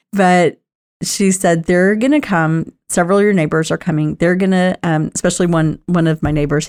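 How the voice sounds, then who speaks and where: A middle-aged woman talk host speaks candidly about keeping a positive mindset, her voice fairly low and darkish. She stays conversational, with lots of fillers and laughter.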